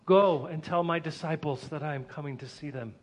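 Man doing a gentle calm teacher guy, hushed and slow, tender. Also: on the high side, slight background noise, natural voice.

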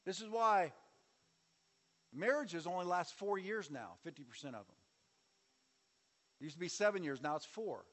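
Male pastor, high voice, sermon with call-and-response, long hall reverb. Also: expressive, moderate pace, pauses often, fairly bright tone. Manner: preaching with audience call-and-response and sweeping shifts in volume.

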